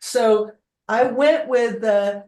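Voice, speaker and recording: A woman with a fairly high voice explains her comic hesitantly, padding it with fillers. She is heard over a video call from an echoey room. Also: extremely slow, darkish tone. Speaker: workshop participant.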